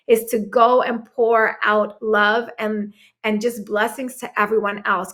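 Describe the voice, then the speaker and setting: A woman in her thirties, a podcast guest, telling a personal story emphatically, with dramatic pauses. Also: mid-range voice, a bit bright. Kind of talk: storytelling in a conversation.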